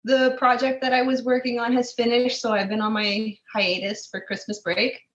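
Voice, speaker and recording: A woman who is a guest on a podcast, talking in a calm, reflective way. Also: on the high side, normal speed, dull audio. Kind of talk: casual interview conversation.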